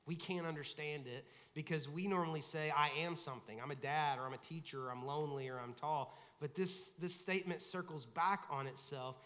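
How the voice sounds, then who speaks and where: A man's voice: fairly high pitch, fairly quick, few pauses, fairly bright tone. A man, the lead pastor, preaching a sermon in a casual, conversational way, acting out quoted voices. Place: large church sanctuary. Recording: long hall reverb.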